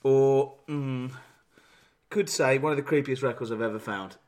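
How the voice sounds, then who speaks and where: A man's voice: mid-range voice, normal speed. A man co-hosting a casual chat about strange records, wry and jokey. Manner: wry, jokey, acts out voices mockingly. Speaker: radio show co-host.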